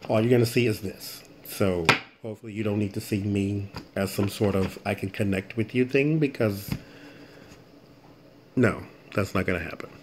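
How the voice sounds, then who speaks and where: Low-voiced rambling man reading tarot. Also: normal speed, noisy background. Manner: rambling, chatty, thinks aloud. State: yawning, late-night tired. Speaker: tarot reader, channel host. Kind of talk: casual late-night tarot reading vlog.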